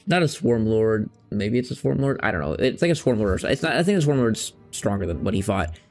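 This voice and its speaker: A man's voice: fairly low pitch, big pitch swings, fairly quick, faint music behind. Rambling young man chatting mid-game. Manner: rambling, loose slang, searching for words. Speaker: streamer. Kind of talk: casual chat while playing a game.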